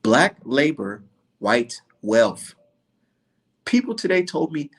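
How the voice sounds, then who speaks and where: A man delivers a heated, profane commentary rant, piling on sarcastic rhetorical questions. His voice is slightly husky, and his pitch swings dramatically as he works himself up. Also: very animated, slow pace, long pauses.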